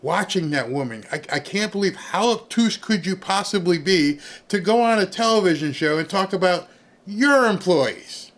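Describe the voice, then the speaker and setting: A man's voice: high-pitched, expressive, moderate pace, fairly bright tone. A man, streaming an angry, sarcastic rant in reaction to news clips. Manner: angry, sarcastic, mocks others in put-on voices. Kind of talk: ranting reaction commentary.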